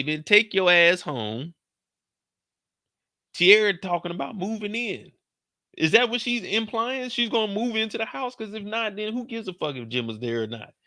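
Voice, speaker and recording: A young man with a bright, forceful voice, riffing casually and profanely as he recaps a show and slips into the characters' lines. The sound is close and dry, with no room around it. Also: high voice, very animated, moderate pace, no room sound. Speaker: show commentator. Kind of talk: animated casual recap commentary.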